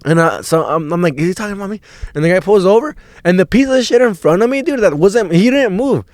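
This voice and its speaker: A young man hosting a podcast and telling a story in a rambling, profane, excitable way, full of filler words. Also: high voice, fairly quick, no echo, clean studio sound. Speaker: podcast host.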